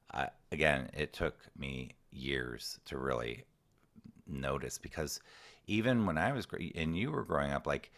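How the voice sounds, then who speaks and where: A man's voice: a bass voice, creaky, a bit bright. A man, a guest coach, talking casually and thoughtfully about handling kids' emotional triggers, often restarting his sentences. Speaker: ADHD coach, podcast guest. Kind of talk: casual advice talk.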